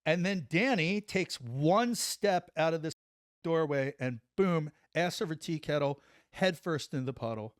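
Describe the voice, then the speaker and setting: A middle-aged man and former soldier telling a story on a podcast, animated, acting out what people said and saying "like" often. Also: fairly high pitch, measured pace, no echo, studio quality. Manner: animated, acts out quotes, says "like" a lot. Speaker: podcast guest, former Army Ranger. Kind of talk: casual storytelling.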